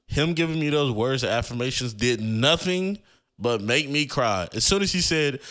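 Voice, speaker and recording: A young man in his twenties tells a personal story on his podcast, in a casual, heartfelt way with "like" in almost every sentence. His voice is fairly low and smooth, and it comes through clearly. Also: moderate pace, fairly bright tone. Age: 20s. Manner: casual, emotional, heavy use of "like". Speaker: podcast host.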